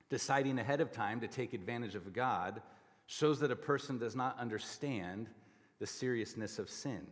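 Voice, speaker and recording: A man preaching a sermon as pastor, explaining scripture and pressing his points with forceful repetition. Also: medium pitch, long reverb tail. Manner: emphatic, rising to forceful repetition. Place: church sanctuary.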